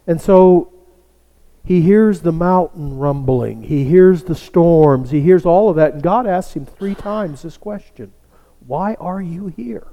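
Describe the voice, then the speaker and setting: A male pastor preaching a sermon, telling a story slowly and dropping to a hush for emphasis. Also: fairly high pitch, big-room sound, dull audio. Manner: slow, storytelling delivery that drops to a hush for emphasis.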